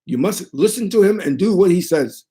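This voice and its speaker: A man imitating a self-assured male high priest who speaks with emphasis. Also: animated, warm tone. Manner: emphatic, drawn-out. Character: lofty male high priest, sure of himself.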